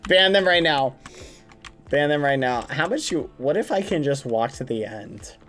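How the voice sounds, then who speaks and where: A streamer in casual live-stream gaming chat, talking straight to viewers and swinging from groans to high shrieks. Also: expressive, normal speed, a bit bright.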